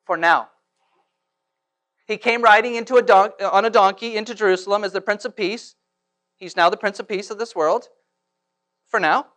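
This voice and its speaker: A man preaching a sermon in church, swinging from hushed to loud and asking rhetorical questions. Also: high voice, normal speed, long pauses. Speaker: pastor.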